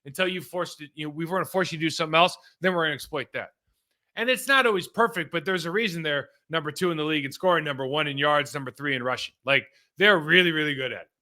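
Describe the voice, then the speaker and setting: A middle-aged man from California talks through football tape like a former player among friends, loose and animated, dropping "man" and "like" as he goes. His voice sits a little high and sounds very bright and forceful, with a sharp, pressing edge. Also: quick pace. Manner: conversational and animated, with fillers like "man" and "like". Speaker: former pro football player turned analyst. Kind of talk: casual game-film breakdown.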